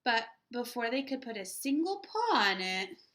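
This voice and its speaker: A woman teacher reading a children's picture book aloud with expression, pausing to ask her listeners questions. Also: a little high, sing-song, fairly bright tone.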